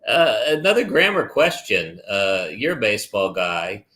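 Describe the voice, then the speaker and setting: A man's voice: fairly low pitch, sing-song, normal speed, sharp tone. A middle-aged man from the Washington DC area, a guest comedian and attorney, teasing the host with dry, pedantic jokes. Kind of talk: casual talk show banter.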